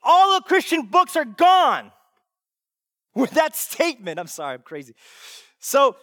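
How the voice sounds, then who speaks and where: A male pastor delivers a sermon in a strikingly high voice, mixing casual slang with rising, shouted intensity. The sound is dry and close, with no room echo. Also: wildly swooping pitch, unhurried.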